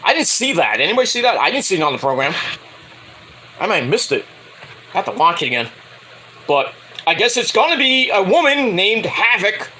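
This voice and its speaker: Excitable high-voiced man reviewing wrestling. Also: fairly quick, long pauses, slight background noise, low-quality recording. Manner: rambling, excitable, swears freely. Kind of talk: casual spoken review.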